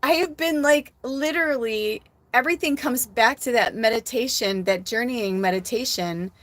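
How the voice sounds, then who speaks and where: A woman in her forties from Illinois, a spiritual medium telling her life story in a casual live stream, animated and swearing as she acts out what she said. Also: mid-range voice. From Illinois, USA.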